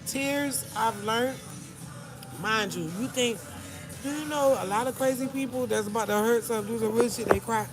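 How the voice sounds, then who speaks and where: In a corner store, a middle-aged woman speaks candidly and emotionally to her live-stream viewers, addressing both the chat and the shop staff. Her voice is fairly high and moderately paced, heard over music in a noisy store with traffic outside.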